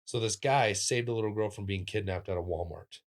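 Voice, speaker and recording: Comedian guy telling stories, lowish voice that jumps way up when he does other people, lots of ums and restarts. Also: brisk. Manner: animated, acts out quoted voices with big pitch jumps; talks in restarts and fillers, lively physical-comic energy. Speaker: comedian guest. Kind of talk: casual interview storytelling.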